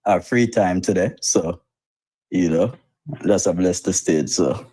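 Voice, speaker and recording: A man calling in as a guest on a live chat stream, relaxed and laughing, with a low early-morning voice. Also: a little slow, slightly rough. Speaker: guest caller. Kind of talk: casual chat.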